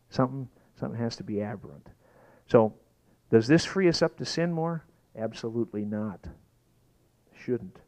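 A man preaching a sermon, emphatic, sometimes rising to shouts. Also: mid-range voice, lo-fi sound. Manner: lively, emphatic preaching that rises to shouted exclamations. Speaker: pastor.

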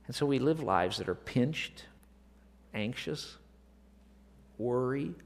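A man preaching a sermon, moving from quiet asides to slow, emphatic declarations. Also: mid-range voice, expressive, vocal fry. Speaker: pastor. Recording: long reverb of a large hall.

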